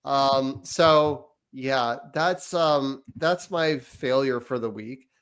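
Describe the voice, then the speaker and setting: A man co-hosting a parenting podcast who tells stories in a lively, animated way and often trails off into fillers. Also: medium pitch, very slow, smooth. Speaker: podcast co-host. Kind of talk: casual chat.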